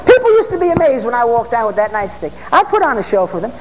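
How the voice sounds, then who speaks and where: Excitable high-voiced New preacher man. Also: fast talker, in a large hall, heavy background noise. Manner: excitable, bursts into shouts, asks the crowd for amens. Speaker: preacher, former police officer. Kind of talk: storytelling sermon.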